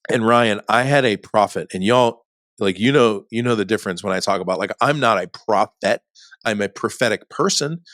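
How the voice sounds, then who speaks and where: A man's voice: fairly low pitch, no echo, clean studio sound. Chatty middle-aged man telling a story. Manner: animated, chatty, says "dude" and "like" often. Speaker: podcast guest. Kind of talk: casual storytelling.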